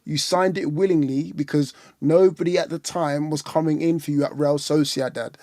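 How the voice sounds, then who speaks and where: A man's voice: a little high, steady tone, moderate pace, warm tone, no room sound, studio quality. A man co-hosting a casual fan livestream, ranting bluntly and animatedly, with mocking put-on voices. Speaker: fan channel co-host. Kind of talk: casual livestream football chat.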